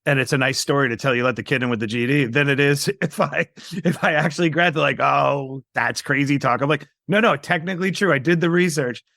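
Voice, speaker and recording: Gravelly-voiced storytelling man. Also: medium pitch, fairly quick, hardly any pauses, dry recording, clean studio sound. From New York, USA. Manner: animated, acts out quoted voices. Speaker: guest. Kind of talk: storytelling interview.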